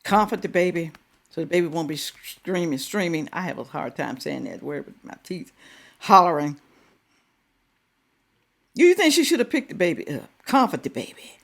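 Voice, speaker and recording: A middle-aged woman talks through a viral clip in casual commentary. Her pitch swings up and down constantly, and she keeps throwing questions at her audience. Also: moderate pace, vocal fry, pauses often. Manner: animated, fires rhetorical questions at viewers. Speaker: reaction video host.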